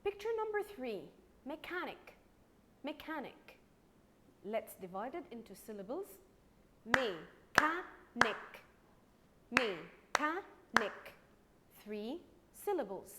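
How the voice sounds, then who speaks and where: This very noisy recording captures a young Egyptian-accented woman teaching primary English online in a high, sing-song voice. She is slow and patient, repeating words and lengthening them so the syllables can be clapped.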